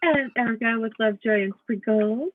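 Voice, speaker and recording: A playful, giggly woman co-hosting a casual live chat and chatting with a friend. Her voice is a little husky. She comes through a thin, phone-like call line. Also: fairly high pitch, moderate pace, no echo. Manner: playful, giggly, talks to her toddler mid-show. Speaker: co-host.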